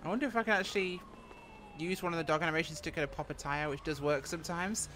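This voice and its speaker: A woman's voice: low voice, fast talker, a bit bright, a little hiss or hum. A woman streamer giving giggly, chatty commentary on her own roleplay gameplay. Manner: giggly, chatty asides to viewers.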